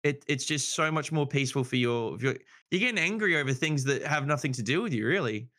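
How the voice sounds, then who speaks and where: A man's voice: medium pitch, lively intonation, a little fast, sharp tone. A man rambling in casual podcast chat, swearing freely and saying "you know" a lot. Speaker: podcast guest.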